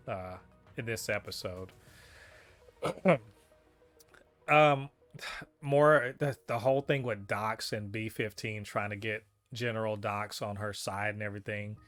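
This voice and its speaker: A man's voice: medium pitch, fairly bright tone. A man co-hosting a casual review podcast, talking animatedly and profanely, laughing often and exclaiming in disbelief. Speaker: podcast co-host reviewing a TV episode.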